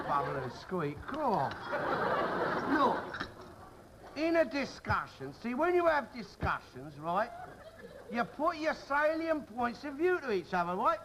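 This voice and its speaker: An actor playing a cantankerous, argumentative working-class father in a 1960s television sitcom. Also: high-pitched. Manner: blustering, argumentative, bursts into shouting. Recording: noisy old television recording.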